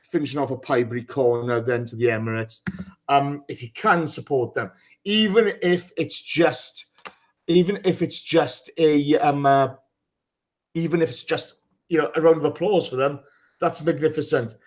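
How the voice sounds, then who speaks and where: A man's voice: on the high side, normal speed. A man hosting a live football podcast, teasing his co-hosts, swearing freely and reading out listener names. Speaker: podcast host. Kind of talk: casual live podcast chat.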